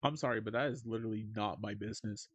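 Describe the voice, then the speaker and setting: A man streaming casually, reading chat aloud and answering in an animated, joking way. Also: lowish voice, fast, no echo.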